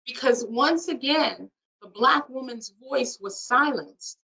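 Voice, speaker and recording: A woman's voice: high voice, creaky, bright, forceful tone. A woman presenter giving an explanatory history talk in an online library program. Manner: quick, explanatory lecture. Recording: distant from the mic.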